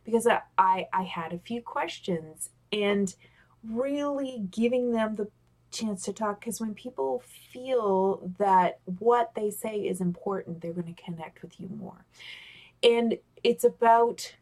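A woman giving casual, animated communication tips over a webcam. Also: medium pitch, unhurried. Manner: animated, talks with gestures, excitable. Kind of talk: casual instructional talk on camera. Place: home office with a squeaky chair. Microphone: webcam on a video call.

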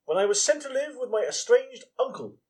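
An actor playing a prim, deadpan assistant detective in a comedy sketch. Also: male voice, very high voice, brisk, rough recording. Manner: deadpan, evasive. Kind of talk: live comedy sketch reading.

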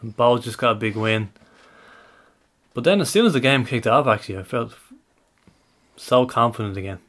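Irish man, mid-pitched voice, dry, understated, casual podcast chat. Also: expressive, normal speed, a bit bright. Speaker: podcast co-host.

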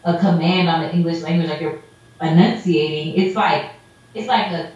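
A woman's voice: on the low side, normal speed. Casual woman storyteller, mimics people mid-anecdote; echoey, dull recording. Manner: animated storyteller, acts out quotes, heavy "like" filler. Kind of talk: casual chat. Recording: roomy echo, dull lo-fi sound.

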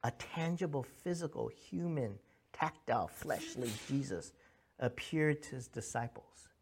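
A man's voice: medium pitch, measured pace, creaky, slight background noise. Earnest man preaching a conversational sermon. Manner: earnest, animated storytelling with frequent restarts and "right?" asides. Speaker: pastor.

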